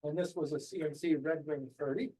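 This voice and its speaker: A man's voice: on the high side, steady tone, a little fast, dark tone, breathy edge, rough recording. A man giving an anecdotal presentation to a club, rambling a little with ums and restarts. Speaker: guest speaker.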